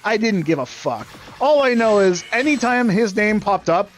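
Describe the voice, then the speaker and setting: A man's voice: high voice, big pitch swings, normal speed. A young man streaming a game, ranting casually in a sarcastic, profane, rambling way. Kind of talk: casual rant while gaming.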